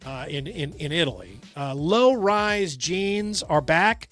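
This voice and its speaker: A man's voice: fairly high pitch, sing-song, slow pace, fairly bright tone, soft background music. An American man hosting a radio show, reading odd news items and adding jokes in casual chat. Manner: reads news items with joking asides.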